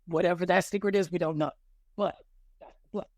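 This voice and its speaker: A man hosting a podcast, pitching movie plots in a playful, teasing way and reading summaries out slowly. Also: fairly even intonation, no room sound. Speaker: podcast host. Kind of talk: casual podcast chat, mock pitch role-play.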